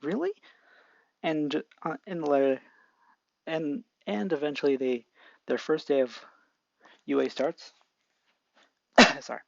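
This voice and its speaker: Young guy making up a fan story as he goes, halting, gravelly, muffled lo-fi mic. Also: fairly high pitch, fairly bright tone. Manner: halting, improvised, many restarts. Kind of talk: improvised fan story narration. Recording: dull lo-fi mic.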